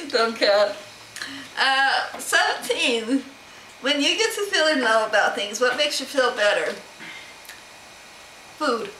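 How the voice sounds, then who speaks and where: A woman's voice: on the high side, bright, forceful tone, reverberant, a little hiss or hum, poor audio. A middle-aged woman chatting casually to camera at home, rambling and laughing as she answers questions. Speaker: vlogger answering a question tag. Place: home room.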